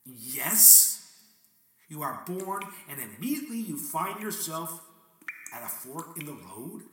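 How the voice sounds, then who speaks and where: High, lively man in an echoey room. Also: takes it slowly. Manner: theatrical, questioning, wry, with bursts of swearing. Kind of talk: dramatic spoken monologue addressed to God. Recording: echoey room, mic at a distance, faint noise.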